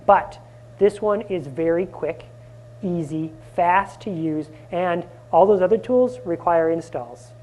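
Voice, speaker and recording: Lively man leading a conference workshop. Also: sits high, slow pace. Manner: energetic, asks audience questions often. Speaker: conference presenter. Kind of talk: live conference workshop talk. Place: conference room.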